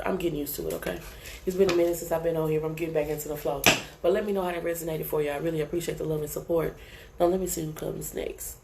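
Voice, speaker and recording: A woman giving a live tarot reading in a casual, profane, chatty way, often checking in with the listener. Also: lowish voice. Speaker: tarot reader. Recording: echoey room, faint background noise.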